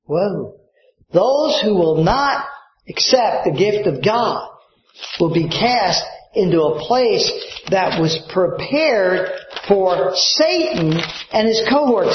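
A male pastor preaching a sermon with impassioned delivery, rising suddenly to loud emphatic peaks and dropping low for quiet points. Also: lively intonation, slow pace, roomy sound, highs cut off.

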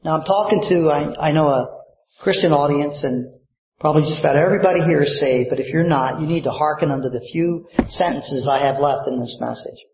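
A man preaches a sermon to his congregation in a high, impassioned voice. He shifts from quiet, low passages to sudden loud peaks. The sound is roomy and slightly muffled. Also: fairly quick, slight background noise. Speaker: pastor.

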